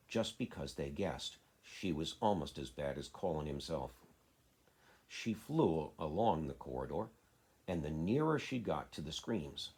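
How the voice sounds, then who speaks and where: Deep husky father reading a storybook. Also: a little mellow.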